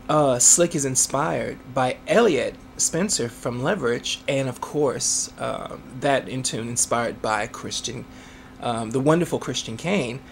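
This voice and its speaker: A man's voice: medium pitch, gravelly, slight background noise. A man, an author, answering interview questions in a chatty way, laughing often and using many fillers.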